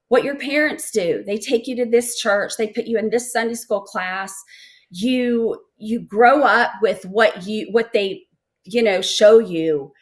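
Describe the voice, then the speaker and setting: A middle-aged woman giving an emotional personal testimony as an interview guest, halting and repeating words as she speaks. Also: mid-range voice.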